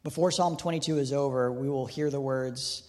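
A man preaching a sermon, earnest, shifting between hushed reflection and emphatic preaching, with casual asides. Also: mid-range voice, fairly even intonation, normal speed. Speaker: pastor. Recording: long reverb of a large hall.

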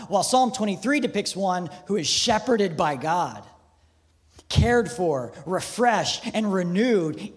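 A man preaching a sermon, earnest, shifting between hushed reflection and emphatic preaching, with casual asides. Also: high-pitched. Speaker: pastor. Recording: long reverb of a large hall.

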